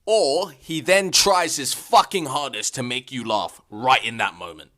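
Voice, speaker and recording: A young man vlogging comic rants, swearing constantly and bursting into exasperated shouts. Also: mid-range voice, unhurried. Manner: profane, exasperated ranting with sudden shouts. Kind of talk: comedic rant vlog.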